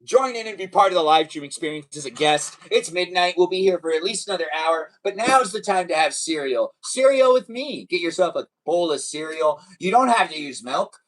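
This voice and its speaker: A man's voice: a little high, expressive, fairly quick, hardly any pauses, a bit bright, distant mic, low-quality recording. A young man hosting a casual livestream, rambling with many fillers and restarts. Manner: rambling, hesitant, lots of fillers. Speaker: livestream host.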